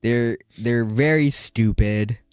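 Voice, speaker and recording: A man's voice: mid-range voice, takes it slowly, clean tone, dry recording, studio quality. A man co-hosting a podcast, telling stories in a brash, laughing, casual way. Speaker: podcast co-host. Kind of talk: casual chat.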